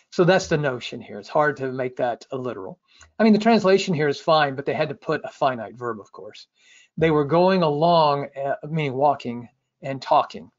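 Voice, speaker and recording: A man lectures to a class, fairly high in pitch and patient as he explains. He often repeats words and checks in with the listeners. The audio sounds dull and muffled. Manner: explanatory, repeats himself, many uh and okay. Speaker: Hebrew lecturer.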